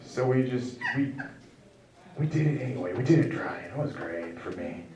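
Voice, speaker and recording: A man performing a stand-up comedy set, telling absurd stories in a deadpan way and acting out the voices in them. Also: mid-range voice, moderate pace, very noisy. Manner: deadpan absurd storytelling, acts out quoted voices. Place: comedy club stage. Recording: echoey club recording from far off with crowd. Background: audience laughter.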